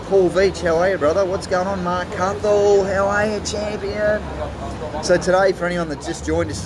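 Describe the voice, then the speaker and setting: Upbeat male host, motivational live-stream patter, mid-range voice, heavy street crowd noise behind. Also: mid-range voice. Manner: upbeat, motivational, greets viewers by name. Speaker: podcast host. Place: busy outdoor pub on a city main street. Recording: loud crowd noise outdoors. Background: crowd chatter and traffic.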